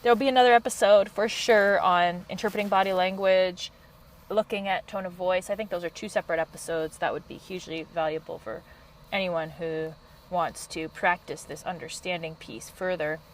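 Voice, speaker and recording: Woman podcast host and coach, lowish voice, passionate and quick, faint hum behind. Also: fairly even intonation, rough recording. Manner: passionate, quick, high-energy. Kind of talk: solo podcast talk.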